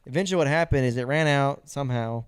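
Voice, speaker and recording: A young man co-hosting a podcast, telling stories in casual chat, animated and profane, laughing often. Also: medium pitch, fast talker, clear, resonant tone, dry recording. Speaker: podcast co-host.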